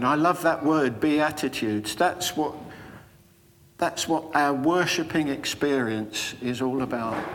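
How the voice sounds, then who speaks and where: An older male preacher delivers a sermon at an unhurried pace, weaving in personal memories as he goes. His voice carries a long church reverb, with a faint hum of room ambience behind it. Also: medium pitch. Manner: slow, storytelling delivery with personal anecdotes. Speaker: Methodist preacher.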